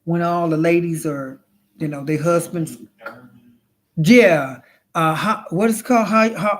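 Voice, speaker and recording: A man's voice: a little high, a little slow. A man in a casual storytelling monologue, flamboyant and chatty, calling his listener honey and child, rambling with restarts and swearing as he goes.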